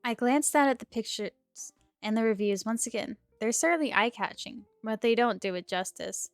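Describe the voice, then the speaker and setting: A woman's voice: on the high side, moderate pace, dry recording. Chatty woman streamer reading a game aloud. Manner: chatty, giggly asides between read lines. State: sore throat. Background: faint game music.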